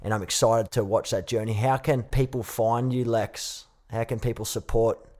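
A man's voice: mid-range voice, fairly even intonation, normal speed, a little mellow. A man hosting an interview, encouraging and supportive, who often repeats words as he speaks. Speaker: podcast host. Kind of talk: interview talk.

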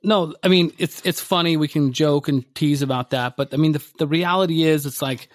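Man, podcast co-host, casual chat, rambling, fillers, slightly higher voice. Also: fairly quick. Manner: rambling, many fillers and restarts. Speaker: podcast co-host, contractor coach.

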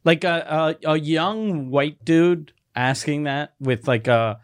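Comedian host, male, raised pitch, dry booth sound, loose rambling delivery. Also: slow, smooth, no room sound. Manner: loose, rambling anecdotes, giggly laughter. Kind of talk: casual comedy podcast chat.

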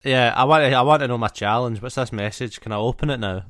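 A man in casual chat, jokey and animated. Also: medium pitch, fast talker, a little hiss or hum.

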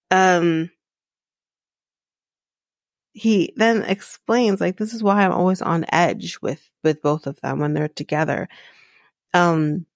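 Lowish-voiced woman podcast host, slow chatty recap, lots of ums, snarky asides, dry close mic. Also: no echo. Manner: chatty, many fillers, sarcastic asides. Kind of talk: casual chat.

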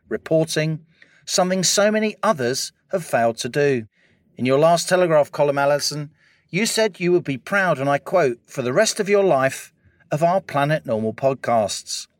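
A man's voice: on the high side, dry recording, clean studio sound. A British man co-hosting a political podcast, delivering a wry, rhetorical opening and then chatting. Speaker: podcast co-host.

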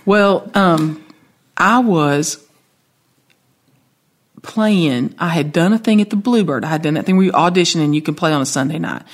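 Southern woman spinning a lively story. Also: sits low, normal speed, pauses often. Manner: animated storyteller, acts out quoted voices. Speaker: songwriter guest. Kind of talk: storytelling interview.

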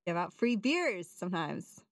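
Lively, bright-voiced woman guest. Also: fairly low pitch, unhurried, dry recording, clean studio sound, distant mic. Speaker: host of a live music night. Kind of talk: casual chat.

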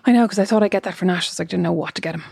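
A woman's voice: on the low side, racing, vocal fry, darkish tone, husky, no echo. Playful Irish woman, dry close sound. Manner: playful, jokey. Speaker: podcast co-host. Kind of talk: casual chat.

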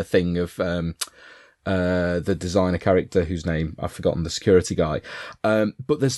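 A man talks films in a relaxed, enthusiastic way, often breaking into laughter and circling back on his words. His voice sits a little low. The sound is dry and close. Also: no room sound. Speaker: podcast film discussion panelist. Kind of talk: casual chat.

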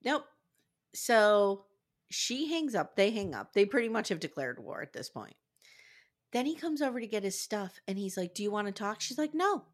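Animated woman recapping reality TV. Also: mid-range voice, normal speed. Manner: animated, swearing, acts out quotes. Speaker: podcast co-host. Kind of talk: casual recap chat.

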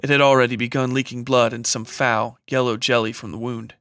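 Bright-voiced man narrating horror. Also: mid-range voice, dry recording. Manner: steady, measured dramatic reading. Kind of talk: scripted horror story narration.

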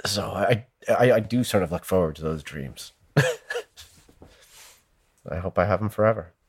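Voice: low voice, a little slow, pauses often, breathy edge. An interviewee recalling painful dreams in an open, reflective way, laughing through the hard parts. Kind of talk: emotional personal recollection.

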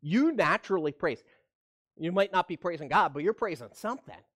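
Conversational pastor preaching online. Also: male voice, sits high, expressive, brisk, fairly bright tone. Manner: conversational preaching, asks the audience questions. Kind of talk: livestreamed sermon.

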